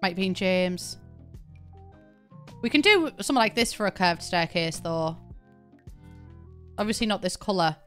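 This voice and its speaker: A woman's voice: lowish voice, measured pace, pauses often, a bit bright, soft background music. A young British woman in casual live-stream chat while she plays, rambling, laughing often and swearing offhand. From Britain. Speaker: game streamer.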